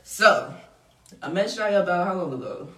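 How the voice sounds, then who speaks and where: A woman hosts a podcast with a bright, forceful voice, chatting in an animated, unfiltered way and laughing between lines. She sits back from the mic in a roomy studio, with a faint hiss behind her. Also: lowish voice, moderate pace, distant mic. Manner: animated, laughing often, frank and profane. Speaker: podcast host. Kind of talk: casual podcast chat.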